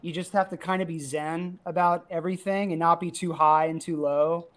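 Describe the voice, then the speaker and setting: A middle-aged man, a comic creator and youth baseball coach, telling an excited, emotional story in casual chat. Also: on the high side, normal speed.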